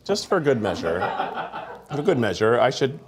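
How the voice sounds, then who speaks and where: A man's voice: medium pitch, very animated, a crowd in the background. A man hosting a casual food-tasting chat, joking and rambling and laughing easily between bites. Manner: jokey, rambling, quick to laugh. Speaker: host. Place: studio set with food conveyor belt.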